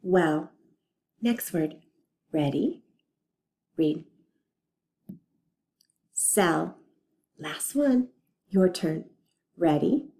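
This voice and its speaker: Woman, reading teacher for young kids; slow, patient, mellow voice with a lively, sing-song pitch. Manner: slow, patient, clearly sounding out letters and words. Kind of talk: recorded phonics lesson for young children.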